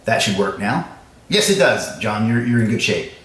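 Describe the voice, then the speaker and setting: A man hosting a live stream, chatting casually with viewers in a fast, joking, self-mocking way, in a room with echo. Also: fairly low pitch, sing-song, a bit bright. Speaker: livestream host. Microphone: livestream camera setup. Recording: echoey room sound.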